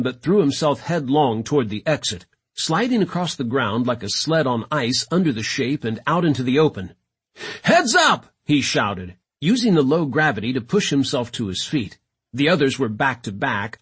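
A man reading a sci-fi audiobook in a dramatic, expressive narration. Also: medium pitch, moderate pace, slightly rough. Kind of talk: scripted narration.

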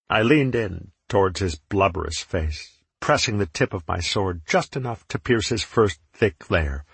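A man narrating a fantasy story in the first person, with a steady, measured reading. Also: deep voice, creaky, breathy edge, dry recording. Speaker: audiobook narrator.

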